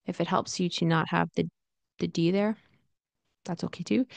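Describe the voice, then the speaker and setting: A woman teaching English pronunciation in an online lesson, speaking slowly and saying each example phrase over and over. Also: lowish voice, fairly even intonation, creaky, dry recording. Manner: slow, demonstrative, repeats example phrases.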